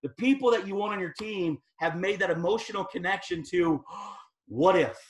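Guest speaker, man, high voice, emphatic motivational trainer with casual slang. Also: brisk. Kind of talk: motivational team training talk.

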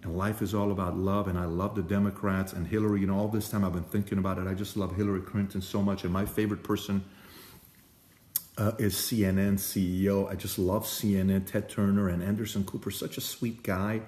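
A man imitating a brash male politician who has suddenly turned soft, gushing and sentimental. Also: sits low, flat delivery, brisk, natural voice. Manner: soft, syrupy, lovey-dovey. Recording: echoey room.

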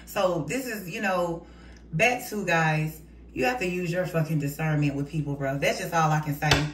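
A woman's voice: deep voice, normal speed. Woman doing a tarot reading, cussing, heated, sounds far off with a lot of noise behind. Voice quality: blunt and profane, heated. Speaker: tarot reader. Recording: roomy, distant mic, noisy.

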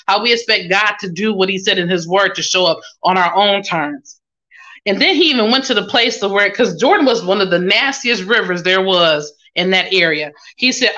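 Female minister preaching, reads scripture and applies it to the congregation; bright tone, muffled lo-fi recording. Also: medium pitch. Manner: expository preaching, reads scripture then applies it with call-and-response asides. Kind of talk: sermon.

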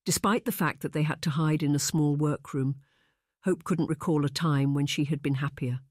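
An audiobook narrator reading a historical romance in an even, unhurried way. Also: medium pitch, no echo, clean studio sound. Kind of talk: scripted narration.

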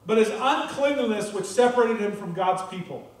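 A man with an American accent preaching a sermon from the pulpit, animated and repeating words as he drives a point home. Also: high voice, normal speed. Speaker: pastor. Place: church sanctuary. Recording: very echoey church, voice distant from the mic.

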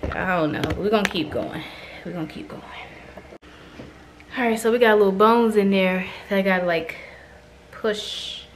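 A woman's voice: medium pitch, a little hiss or hum. A young woman vlogging casually from her home kitchen, chatting to herself as she cooks. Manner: chatty, talks to herself while cooking. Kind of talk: casual cooking vlog chat.

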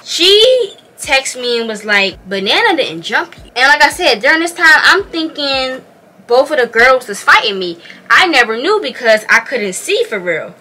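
A young woman with a bright, slightly high voice tells her story to the camera while doing her makeup. She talks in an animated, slangy way and keeps addressing her viewers directly. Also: normal speed. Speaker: vlogger.

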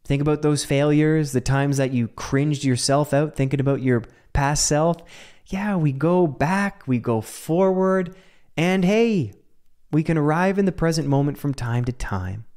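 A man's voice: fairly high pitch, darkish tone. A man hosting a solo podcast, talking casually and animatedly, laughing often and swearing now and then. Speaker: podcast host.

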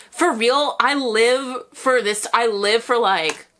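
A woman reacting to a music video, gushing, swearing and squealing with excitement as she comments. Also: a little high, slow pace, noisy background. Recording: loud music under voice. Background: music video playing.

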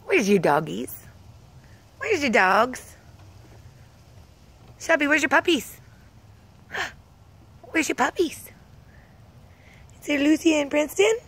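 High, slow sing-song woman. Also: a bit bright. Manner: sing-song, coaxing, repeating words for a small child. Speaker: parent talking to a toddler. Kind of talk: home video baby talk. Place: outdoors in a yard.

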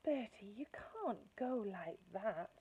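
A woman's voice: mid-range voice, expressive, slow pace, mellow, husky, pitched above the performer's own voice, heavily acted. A woman voicing an exasperated, scolding mother in a children's story read-aloud. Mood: weary. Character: exasperated busy mother, scolding but fond. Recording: tinny phone-like sound, faint hiss.

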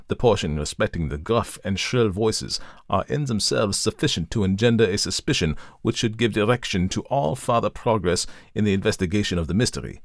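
A man voicing a methodical male detective who explains his reasoning in a measured, formal way, in a storybook reading. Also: fairly low pitch, no room sound, studio quality. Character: coolly analytical male detective, methodical, lecturing. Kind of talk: audiobook reading of a classic story.

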